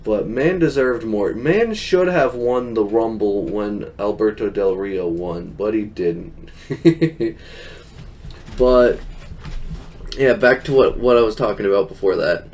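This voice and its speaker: A man's voice: fairly low pitch, slow, a little mellow, slight background noise. A young man hosting a podcast, recapping a show in casual, rambling chat, laughing often and quoting people in silly voices. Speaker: podcast host.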